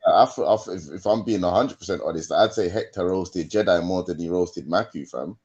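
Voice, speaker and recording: Deep husky guy on a call, muffled, hesitant and measured. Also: a little mellow. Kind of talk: casual livestream banter.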